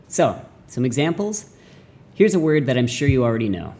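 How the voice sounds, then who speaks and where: Youngish guy doing a chill mandarin lesson, mellow voice, animated and goofy. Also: medium pitch, normal speed, slight background noise. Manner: animated, jokey, acts out mock voices. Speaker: language teacher. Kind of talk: casual video lesson.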